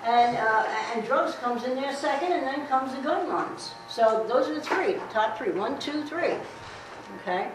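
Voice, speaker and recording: A woman's voice: high-pitched, expressive, normal speed. A middle-aged woman giving a blunt, streetwise safety talk to a class, repeating herself as she demonstrates. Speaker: guest speaker on safety. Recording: echoey room recorded from far, noisy.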